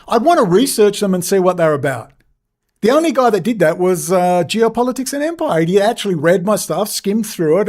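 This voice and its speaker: A man delivers a blunt, swear-filled vlog rant in a somewhat high voice. He sounds exasperated and talks off the cuff, recorded outdoors near a road. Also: darkish tone. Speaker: vlogger and interviewer.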